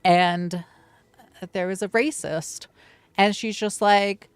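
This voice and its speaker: A man's voice: sits high, steady tone, takes it slowly, clean tone, no echo. Guy rambling thru stories on a live stream, lots of likes and swearing, dry close sound. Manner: rambling, swearing, many fillers. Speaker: livestream storyteller. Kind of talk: casual storytime chat.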